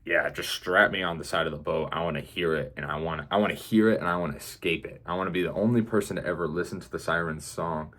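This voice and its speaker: A man's voice: sits low, fast talker, hardly any pauses, fairly bright tone. A young man voicing a boastful Greek hero in a casual retelling, talking in slangy swagger.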